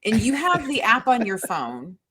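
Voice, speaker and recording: A woman's voice: a little high, huge pitch swings, unhurried, sharp tone, slightly rough. A middle-aged woman co-hosting a podcast, telling stories in a profane, exasperated casual chat. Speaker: podcast co-host.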